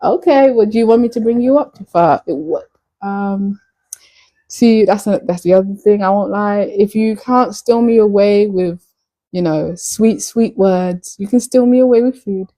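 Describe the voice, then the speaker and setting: A woman's voice: mid-range voice, normal speed, warm tone, low-quality recording. A woman from Nigeria chatting playfully and flirtatiously with viewers on a casual live stream.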